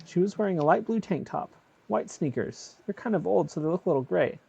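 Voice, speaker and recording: A man's voice: high-pitched, animated, a little fast, vocal fry, mellow, breathy edge, dull audio, full character voice. A man voicing a worried husband who stammers and apologizes while reporting his missing wife.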